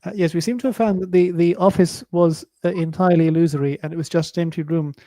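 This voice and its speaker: A man's voice: on the high side, steady tone, fast, warm tone, no room sound. A man taking part as a player in a casual tabletop game, polite and hesitant, with many fillers.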